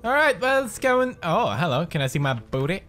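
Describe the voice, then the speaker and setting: A young man in his twenties giving jokey, swear-filled let's play commentary on a horror game, dropping to low mutters and jumping to frightened yelps. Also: big pitch swings, brisk, a bit bright. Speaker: gaming commentator.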